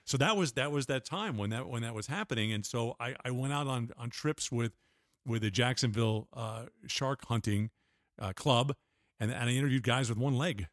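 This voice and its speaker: A man's voice: medium pitch, normal speed, no room sound, studio quality. An older man, a guest on an interview show, telling rambling stories with restarts and laughs. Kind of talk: casual storytelling interview.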